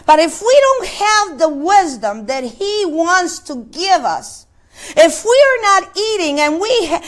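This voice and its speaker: A woman's voice: very high-pitched, very animated, slow pace. A woman preaching a sermon, impassioned, with many repetitions and quoted scripture. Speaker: pastor.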